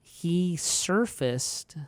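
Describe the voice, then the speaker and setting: Smooth-voiced man telling stories. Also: lively intonation, extremely slow, dry recording. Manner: storytelling, acts out quotes in a higher voice. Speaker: pastor and podcast co-host. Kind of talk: casual podcast conversation.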